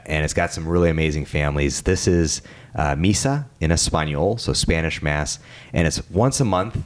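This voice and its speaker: A man, a parish priest, chatting casually on a podcast and leading a closing prayer. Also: low-pitched. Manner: relaxed, leads a closing prayer.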